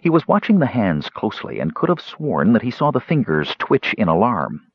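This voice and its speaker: A man narrating a fantasy audiobook in a dramatic, animated storytelling manner, in a dull lo-fi recording. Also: lowish voice, moderate pace, husky, no room sound.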